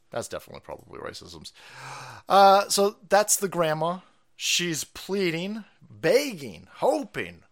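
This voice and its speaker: A man giving sarcastic, foul-mouthed live-stream commentary in a mocking, ranting manner. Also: on the high side.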